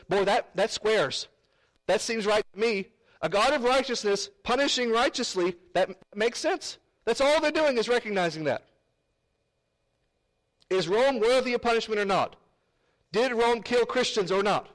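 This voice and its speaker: A man's voice: high-pitched, a bit bright, low-quality recording. A man teaching a verse-by-verse Bible study, emphatic and rhetorical, repeating phrases for effect.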